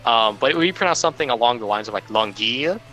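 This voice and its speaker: A young man chatting on a livestream, his voice bright and forward. He rambles along with lots of "like" and "um," at an ordinary middle pitch. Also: lively intonation, very fast, soft background music, poor audio. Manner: rambling, full of "like" and "um". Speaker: game player. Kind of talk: casual livestream chat.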